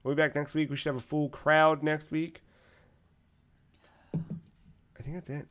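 A man hosting a casual gaming podcast, relaxed and loose, swearing now and then. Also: a little high, measured pace. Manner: laid-back, swears casually. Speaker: podcast host.

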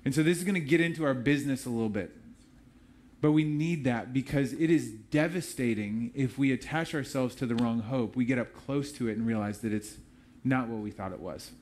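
A man's voice: medium pitch, fairly quick, a little mellow, slight background noise. A man preaching a sermon as pastor, in a conversational, storytelling way with casual asides.

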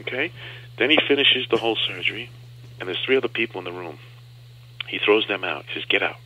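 A man's voice: lowish voice, expressive, quick pace, sharp tone, husky. A man, a comedian guest on a radio interview show, telling a story and acting out the other voices in it. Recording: dull lo-fi radio sound.

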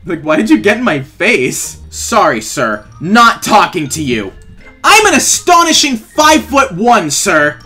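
High-pitched and sing-song, his voice is pushed and bright and runs a little slow. The young YouTuber trolls through gameplay with playful sarcasm and frequent laughs, against faint background music.

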